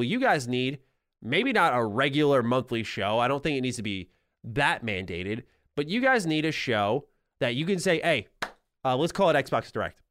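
A man's voice: medium pitch, a bit bright, dry recording, clean studio sound. A man hosting a casual gaming podcast, rambling and repeating words as he thinks aloud. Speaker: podcast host.

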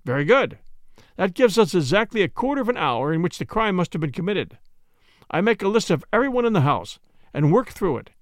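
A man's voice: high-pitched, very animated, dry recording, studio quality. A man voicing a self-assured, matter-of-fact police inspector in a story reading. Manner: confident, matter-of-fact, brisk.

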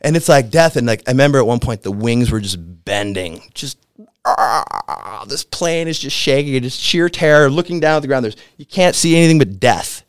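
A man in his fifties from the American Midwest, a podcast guest telling a story in a laid-back, slangy way that gets animated as it builds. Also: medium pitch, moderate pace, clean tone, no room sound, clean studio sound. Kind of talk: casual storytelling.

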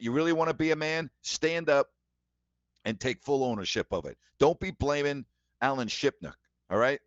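A man's voice: lowish voice, no room sound, lo-fi sound. A man hosting a sports talk show, giving emphatic, indignant commentary and repeating his points.

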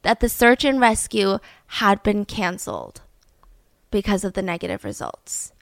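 A young woman hosting a storytelling podcast, narrating in an animated way and acting out quotes. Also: medium pitch, a little slow, vocal fry, no room sound. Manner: animated, acts out quotes with laughs. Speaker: podcast host.

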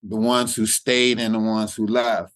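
A man's voice: fairly low pitch, flat delivery, a little slow, fairly bright tone, dry recording. A middle-aged comedian, telling a personal story in an interview, looping and repeating words as he talks. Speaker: guest comedian. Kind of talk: reflective interview talk.

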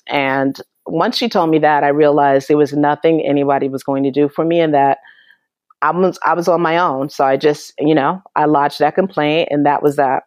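A woman's voice: deep voice, fairly even intonation, normal speed, darkish tone, no room sound, dull audio. A woman guest in an interview, telling her story in an earnest, emotional way with frequent restarts. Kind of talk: conversational interview.

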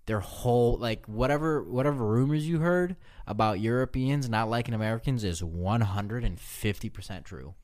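A man's voice: mid-range voice, moderate pace, few pauses, a little mellow. A young man co-hosting a casual podcast, telling rambling, profane stories and laughing as he talks. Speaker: podcast co-host.

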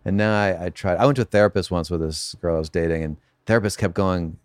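A man's voice: low-pitched, fast, hardly any pauses, a little mellow, clean tone, no room sound. A man guesting on a podcast in a casual chat, talking in a dry, wry, self-deprecating way.

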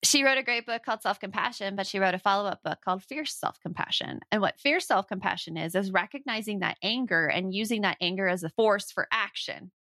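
Chatty bright-voiced woman podcaster. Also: mid-range voice, fairly quick, few pauses, no echo, clean studio sound. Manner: chatty, animated, acts out inner voices in quotes. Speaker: podcast co-host. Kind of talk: casual parenting podcast chat.

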